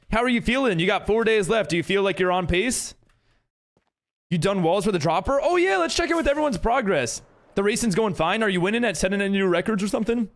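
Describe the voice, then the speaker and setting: A fairly high-voiced man streaming a game live, chatting loosely with his viewers. He rambles, piles up "like"s and restarts sentences, and greets newcomers with upbeat energy. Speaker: livestreamer and server host. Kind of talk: casual live-stream chat while gaming.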